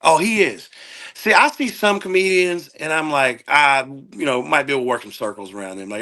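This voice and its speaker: A man guesting on a podcast, telling profane, animated stories and doing quick impressions of people in casual chat. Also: on the high side. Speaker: guest comedian.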